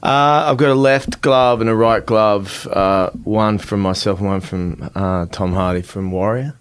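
A man's voice: on the low side, steady tone, measured pace, smooth, dry recording. A man with an Australian accent, a guest actor chatting casually in an interview and cracking wry, self-mocking jokes.

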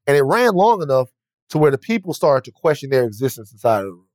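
A man's voice: medium pitch, sing-song, quick pace, darkish tone, dry recording. Rambling man in casual podcast talk. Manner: rambling, profane, restarts sentences. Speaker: podcast guest. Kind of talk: casual chat.

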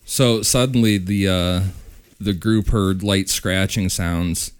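A man hosting a podcast, telling a ghost story in a relaxed, casual way. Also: low-pitched, slow, clear, resonant tone. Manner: relaxed, with fillers and restarts. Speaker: podcast host.

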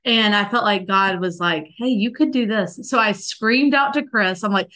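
A woman's voice: a little high, moderate pace, few pauses, a bit bright. Earnest woman telling a faith story. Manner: earnest and emotional, many likes and restarts. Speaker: podcast guest. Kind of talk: personal faith story in an interview.

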